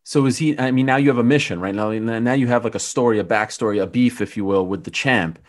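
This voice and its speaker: A man's voice: medium pitch, fast talker. A man interviewing a fighter with brief, probing questions.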